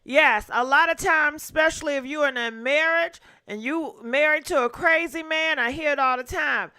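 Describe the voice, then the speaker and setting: A woman's voice: sits high, normal speed, bright, forceful tone, no room sound. A woman hosting a call-in talk show, speaking firmly and conversationally.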